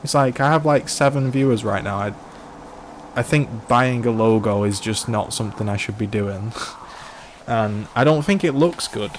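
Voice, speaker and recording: A young man talks through a live game stream in a rambling, unscripted way, stopping and restarting his sentences. His voice sits on the low side, and a faint hiss runs underneath. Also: normal speed. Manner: rambling, repeats and restarts himself, many "like" fillers. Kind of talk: casual live-stream chat while playing.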